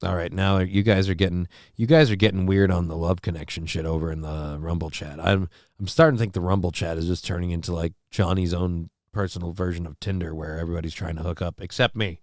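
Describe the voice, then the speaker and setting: A man's voice: deep voice, steady tone, fast talker, hardly any pauses, darkish tone, no room sound, studio quality. A man hosting a casual livestream, rambling crudely, reacting to clips and reading chat aloud while feeling sick. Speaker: livestream host.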